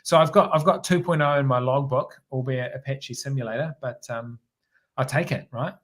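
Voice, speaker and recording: A middle-aged former helicopter pilot with a New Zealand accent tells a story as an interview-show guest, using a medium-pitched voice at normal speed. His manner is relaxed and rambling, with frequent restarts and repeated words.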